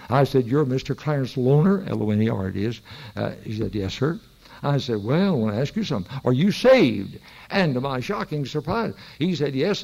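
A man's voice: medium pitch, creaky, a little mellow, muffled recording. An older man preaching a sermon in a church, telling folksy stories that rise into emphatic preaching. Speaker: pastor.

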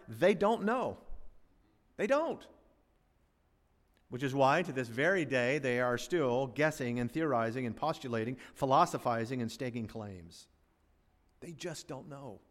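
A man preaching in a church sanctuary, his fairly high voice carried by a long hall reverb. He drives his points with rhetorical questions and repeated phrases, shifting between loud emphasis and quiet asides. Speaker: pastor. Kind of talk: sermon.

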